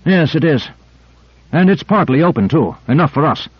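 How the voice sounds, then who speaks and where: A man's voice: on the high side, lively intonation, moderate pace, breathy edge, dry recording, lo-fi sound, voice pushed up. A man doing a tense commanding leader. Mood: urgent. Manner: urgent, barking orders.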